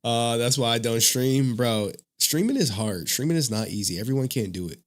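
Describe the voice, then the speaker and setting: A man's voice: mid-range voice, normal speed. A man hosting a casual live stream who talks to his chat in a loose, rambling way and laughs often. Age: adult father of a young child.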